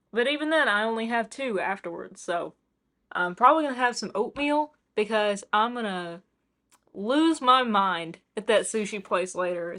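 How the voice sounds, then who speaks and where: A woman's voice: medium pitch, a bit bright. A young woman from Tennessee with a Southern accent, chatting casually and rambling with self-mocking asides in a home vlog. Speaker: book vlogger. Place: home kitchen.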